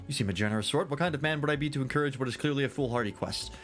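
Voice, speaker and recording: A man's voice: medium pitch, racing, fairly bright tone, soft background music, pitched above the performer's own voice, lightly acted. A man reading game dialogue aloud in character, voicing a jovial, long-winded male scholar fond of drink, in a grandiloquent, theatrical storytelling manner. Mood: conspiratorial.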